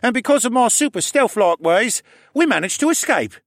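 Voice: a cocky orphan boy thief in a storybook reading. The pitch is pushed way up and leaps around as he brags and snaps. Dry, close sound. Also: lively intonation, no room sound, exaggerated voice. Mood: boastful. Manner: cocky, quick to snap. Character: boy thief, brash and boastful. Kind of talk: audiobook character voice.

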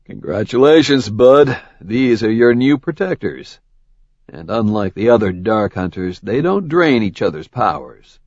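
A man voicing a calm, authoritative immortal leader in an audiobook, with dry humor. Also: on the low side, a little slow, no room sound, highs cut off, full character voice. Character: commanding ancient immortal leader, dry and stern.

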